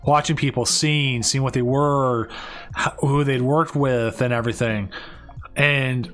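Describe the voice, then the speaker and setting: A man's voice: medium pitch, fairly even intonation, measured pace, fairly bright tone. A man hosting and casting a live tournament stream, talking casually and rambling with many restarts and fillers. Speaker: tournament stream host and caster.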